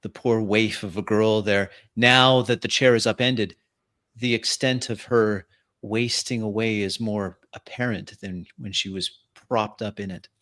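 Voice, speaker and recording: Male game master narrating a tabletop game, unhurried and halting, bright voice. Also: on the low side, fairly even intonation. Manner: halting descriptive narration with fillers. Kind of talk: narrating a tabletop role-play.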